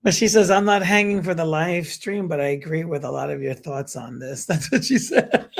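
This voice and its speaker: Gravelly-voiced chatty man. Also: fairly high pitch, steady tone, moderate pace. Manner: chatty, keeps agreeing with "right", laughs often, swears. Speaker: podcast co-host. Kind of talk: casual chat.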